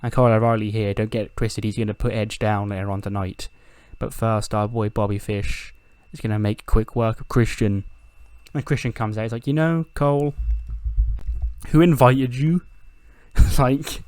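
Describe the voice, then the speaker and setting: A man's voice: on the low side, little pitch movement, fairly quick, a little mellow, clear, resonant tone, no room sound. A man casually narrating a game playthrough as its host, putting on playful voices for characters and swearing now and then. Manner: acts out quoted lines in playful put-on voices, laughs often, swears. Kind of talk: casual let's-play narration.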